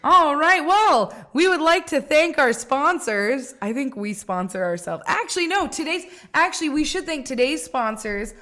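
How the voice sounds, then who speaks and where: A woman's voice: high voice, expressive, moderate pace, few pauses, pushed and bright. Laughing young woman podcast host. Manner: laughs often, swears, rambling storytelling. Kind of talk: casual chat.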